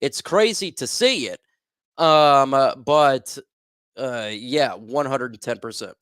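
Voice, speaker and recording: A man's voice: medium pitch, slow pace, fairly bright tone, smooth, no echo, clean studio sound. A young man hosting a casual sports livestream, reading viewer comments aloud and reacting in a loose, filler-heavy way. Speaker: livestream host.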